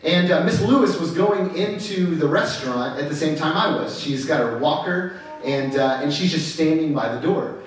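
A man's voice: on the high side, normal speed. A male pastor telling a story in a casual, conversational sermon, full of fillers and restarts. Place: church sanctuary. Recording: echoey hall, mic far off.

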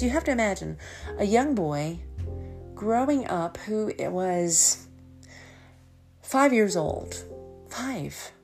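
A woman's voice: on the low side, a little mellow. A middle-aged woman, hosting a podcast and telling rambling stories with frequent laughs. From American South. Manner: chatty, rambling, laughs often. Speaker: podcast host. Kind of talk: casual storytelling monologue.

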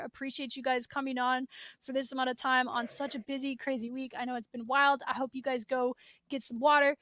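A woman's voice: sits high, fairly bright tone, no room sound, clean studio sound. A woman hosting a casual esports podcast, chatty and upbeat, making match predictions and thanking her guests. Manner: upbeat, chatty, quick asides. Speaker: podcast host.

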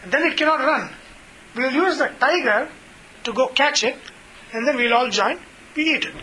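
A man's voice: extremely high pitch, animated, normal speed, bright, forceful tone, a little hiss or hum, exaggerated voice, low-quality recording. A man voicing a cunning, scheming fox in a spoken fable, in a casual storytelling tone. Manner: storytelling tone, conversational.

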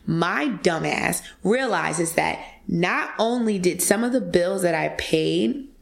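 A young woman in her twenties telling a casual, animated story to podcast listeners and acting out the voices she quotes. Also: lowish voice, takes it slowly, creaky. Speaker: podcast guest speaker.

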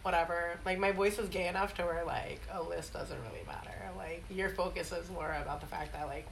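A young man from New York with a slight lisp, co-hosting a casual chat and telling animated, profane stories. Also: high-pitched, a little fast, gravelly, few pauses, slight background noise. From Staten Island, New York. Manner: animated, swears freely, shrieks when laughing. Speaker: podcast co-host.

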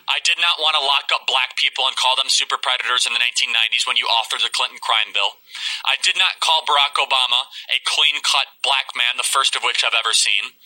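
A man giving political commentary, delivering emphatic, rhetorical lines in a steady stream. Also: medium pitch, poor audio.

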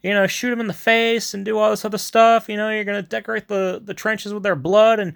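A man's voice: high-pitched, flat delivery, brisk, gravelly, clear, resonant tone, pitched above the performer's own voice. A man voicing a gung-ho male army commander who gives a bloodthirsty pep talk in a raised, exaggerated voice. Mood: fired up.

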